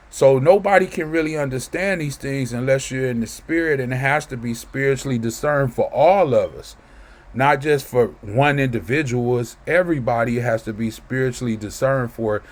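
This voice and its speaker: A man's voice: medium pitch, normal speed. A man teaching from scripture in a loose, conversational way, reading verses aloud and often checking in with listeners. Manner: conversational, keeps asking "right?". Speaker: preacher.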